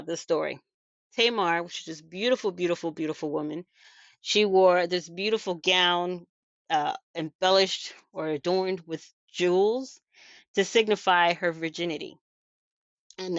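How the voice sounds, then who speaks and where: A woman's voice: on the low side, dry recording, dull audio. A woman host retelling a story in a casual, chatty way, emphatic and full of rhetorical asides. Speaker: video host.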